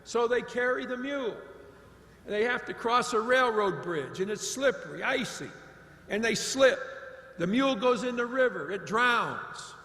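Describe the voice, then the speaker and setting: A man's voice: very high voice, animated, a little slow, bright, forceful tone. A man from Ohio giving a commencement address, a blunt and emphatic storyteller. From Ohio, United States. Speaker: commencement speaker. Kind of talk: commencement address with folksy anecdotes. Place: large hall at a graduation ceremony. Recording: echoey large hall with long reverb.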